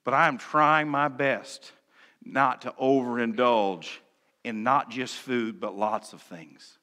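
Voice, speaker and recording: A male pastor delivers a sermon from the pulpit in a bright, forceful mid-range voice at a slow pace. He moves between hushed and loud passages and slips in humorous asides, while the long reverb of a church sanctuary rings around him.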